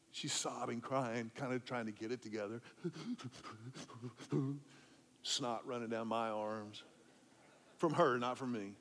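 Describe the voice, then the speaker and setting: A middle-aged man, preaching a sermon as pastor and telling a story, dropping to a hush when he quotes himself comforting someone. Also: mid-range voice.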